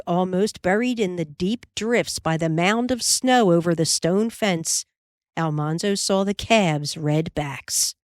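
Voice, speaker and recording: A woman narrating a children's book in an expressive, animated reading style. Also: on the low side, takes it slowly, dry recording, clean studio sound. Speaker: audiobook narrator. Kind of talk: scripted storybook narration.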